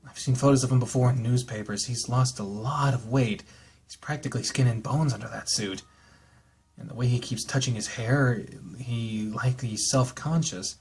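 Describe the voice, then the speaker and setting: A man's voice: medium pitch, moderate pace, a little mellow, slightly rough, voice pushed down. A man voicing a grave, worried young woman.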